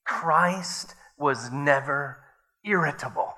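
Male pastor preaching; unhurried and earnest, bright tone, often hesitant. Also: on the high side, low-quality recording. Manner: slow, earnest, hesitant with fillers. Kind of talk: sermon with read-aloud story.

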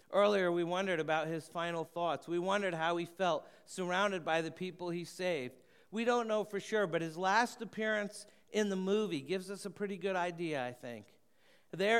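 A man preaching a sermon, earnest, often slowing and dropping to a hushed voice for emphasis. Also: a little high, clean tone. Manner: earnest, slows and softens for emphasis. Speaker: pastor.

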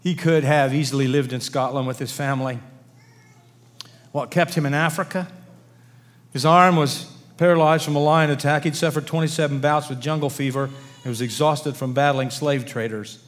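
A man's voice: fairly high pitch, fairly even intonation, moderate pace, long reverb tail. A man preaching a sermon in an earnest manner, reading quotations aloud to his congregation. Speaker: pastor.

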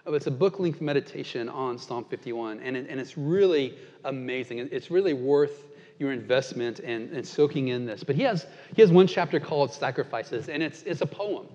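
Man preaching in a reverberant hall. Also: animated. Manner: earnest, dynamic preaching with slow emphatic quotations and soft low drops. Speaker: pastor. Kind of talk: sermon. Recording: dull sound with long reverb in a large hall.

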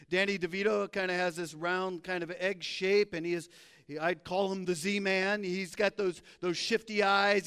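A man preaching a sermon in a church, reading scripture aloud and telling the story with playful, animated asides. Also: high voice, moderate pace, smooth. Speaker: pastor. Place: church sanctuary. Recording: long hall reverb.

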